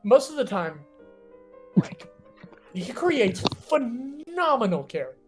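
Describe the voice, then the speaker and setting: A man co-hosting a podcast, in a casual chat, telling tabletop game stories in an animated way with many fillers. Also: very high-pitched, slow pace, soft background music. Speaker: podcast co-host and tabletop player.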